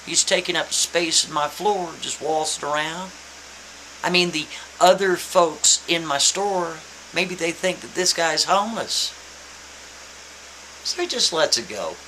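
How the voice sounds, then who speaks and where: Animated male storyteller, bright voice. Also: fairly high pitch, unhurried, poor audio. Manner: animated, emphatic, repeats points. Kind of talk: casual spoken storytelling. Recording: faint hiss.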